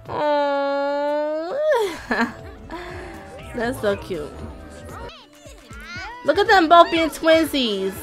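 Young woman, high voice, casual game commentary, chatty, faint music underneath. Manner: chatty, addresses viewers as y'all, excited squeals. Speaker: gaming YouTuber. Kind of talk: casual let's-play commentary.

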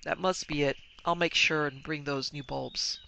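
A petulant young husband with a boyish, complaining edge, as a woman reading the story puts him on. The voice is bright and a little gravelly, raised slightly above the narration. It is a storybook reading. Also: low voice, steady tone, moderate pace, slight background noise, exaggerated voice. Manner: demanding, then bewildered and hushed.

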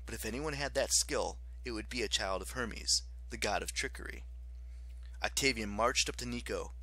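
A man narrating an audiobook in an expressive, dramatic way. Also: on the low side, moderate pace, slightly rough.

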